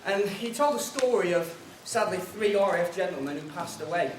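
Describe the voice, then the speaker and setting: A man's voice: high voice, lively intonation, moderate pace. A man hosting a seminar, telling an anecdotal joke and giving housekeeping notes in a chatty storytelling way. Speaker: seminar organiser and host. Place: conference room on an air base. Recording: roomy hall from far off, noisy.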